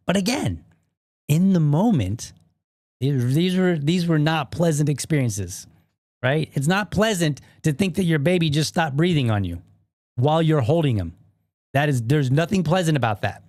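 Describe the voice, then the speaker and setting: Rambling dad podcaster, dry sound. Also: male voice, on the high side, lively intonation, moderate pace, pauses often, darkish tone, dry recording. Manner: rambling, self-deprecating storytelling with many fillers and restarts. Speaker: podcast host. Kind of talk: casual solo podcast monologue.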